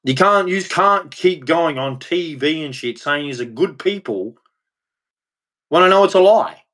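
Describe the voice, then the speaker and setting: A man's voice: fairly high pitch, expressive, a little slow. Angry man ranting. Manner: heated, profane, preachy, swings between shouting and muttering. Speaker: vlogger. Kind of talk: angry solo rant.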